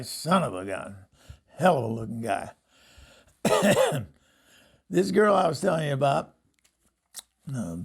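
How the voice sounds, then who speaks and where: An older man, host of the show, telling rambling stories in casual talk, often laughing and acting out what others said. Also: mid-range voice. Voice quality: gravelly. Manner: rambling, laughs often, acts out quoted voices. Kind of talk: casual storytelling monologue.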